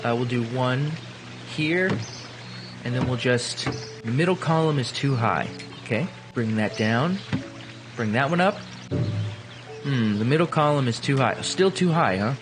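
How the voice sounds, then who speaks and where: A young man hosting a gaming video, chatting casually and playfully as he plays, swinging between excited bursts and quiet mumbling. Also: medium pitch, unhurried, pauses often, music in the background. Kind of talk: casual gameplay commentary.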